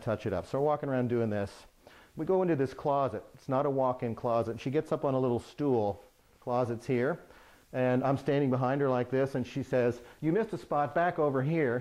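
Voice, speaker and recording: A middle-aged man, a remodeling contractor, telling a humorous anecdote from his work to the camera in a lively way. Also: medium pitch. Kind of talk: storytelling to camera.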